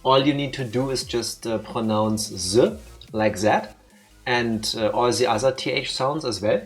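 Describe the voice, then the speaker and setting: A man hosts a live game stream, rambling and teasing his co-host in casual chat. His voice sits at an ordinary middle pitch. Faint music plays underneath. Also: a little slow. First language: German.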